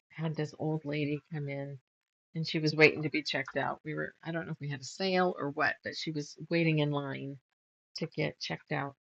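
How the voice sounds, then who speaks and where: A woman's voice: low voice, gravelly, no room sound, muffled recording. A middle-aged woman chatting casually while she quilts, rambling through stories, trailing off and laughing at herself. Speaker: quilting vlogger. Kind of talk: casual chat while sewing.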